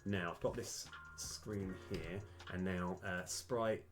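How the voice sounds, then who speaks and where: A man live-streaming a game, thinking aloud with lots of fillers and sudden bursts of excitement. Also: low voice, takes it slowly, music in the background. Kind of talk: live-stream commentary while playing and mapping a game.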